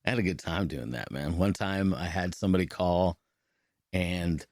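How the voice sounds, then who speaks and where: A man's voice: sits low, moderate pace, a little mellow, no room sound, clean studio sound. Laughing man telling prank-call stories. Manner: laughing storyteller acting out prank calls in silly voices. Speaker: podcast co-host. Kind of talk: casual chat.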